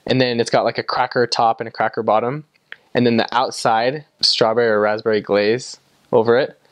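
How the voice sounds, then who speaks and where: A young man from the United States talks in a casual, chatty way, leaning on "like" again and again. His voice sits at an ordinary middle pitch. The sound is dry and close, with no room echo. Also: level tone, a little fast. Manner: chatty, lots of "like" fillers. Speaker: vlogger recalling time abroad. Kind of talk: casual storytelling to camera.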